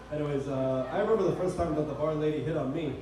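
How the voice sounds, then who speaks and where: A man hosting a stand-up comedy night, joking and hesitant with fillers as he introduces acts. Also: fairly high pitch. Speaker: comedy show host. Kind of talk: stand-up emcee patter. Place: comedy bar stage. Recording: echoey room, distant mic, crowd noise.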